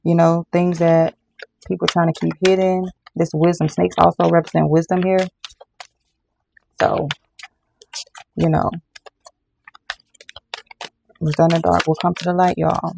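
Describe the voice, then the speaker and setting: A tarot reader talks straight to viewers in a casual card reading, repeating lines for emphasis and calling everyone y'all. The voice has a gravelly, rough edge. Its tone is warm and dark rather than bright. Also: mid-range voice, little pitch movement, moderate pace, long pauses, a little hiss or hum.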